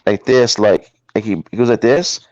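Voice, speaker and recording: A man speaks as a guest over a video call and tells a personal story in a casual way, acting out the people in it. His voice sits fairly low. The audio is dull and bone-dry. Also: normal speed, darkish tone, dry recording. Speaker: talk show guest, paranormal investigator.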